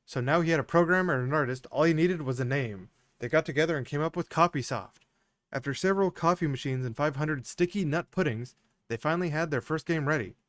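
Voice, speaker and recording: A man's voice: a little high, fast, dry recording. Laughing man streamer reading game text. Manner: reads game story text aloud with dry asides, laughs easily; gets loud and excitable reacting to gameplay. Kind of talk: live-stream let's play commentary.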